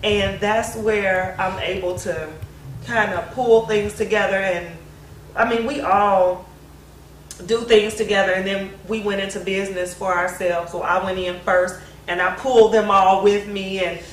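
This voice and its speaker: This grieving daughter speaks unhurriedly in a steady, medium-pitched voice, sharing candid, reflective memories of her late mother and laughing between her thoughts. The family conversation was recorded on a distant mic in a roomy space, with faint hiss.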